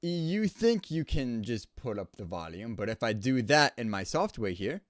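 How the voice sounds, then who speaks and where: Lively, casual male audio engineer. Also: mid-range voice, moderate pace, no echo, clean studio sound. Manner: casual and explanatory, stresses points by repeating them. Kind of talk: home studio recording tutorial. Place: home studio. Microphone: studio microphone at close range.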